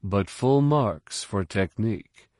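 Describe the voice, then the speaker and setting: A man voicing a calm male mentor who speaks softly, evenly and soothingly. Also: fairly low pitch, slow, dry recording, clean studio sound. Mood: serene. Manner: soft, even, soothing.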